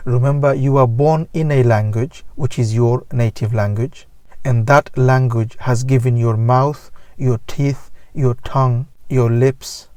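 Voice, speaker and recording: Deliberate mellow-voiced male teacher. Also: medium pitch, no room sound. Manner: slow, deliberate, repetitive phrasing. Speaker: English teacher. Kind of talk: scripted lesson to camera.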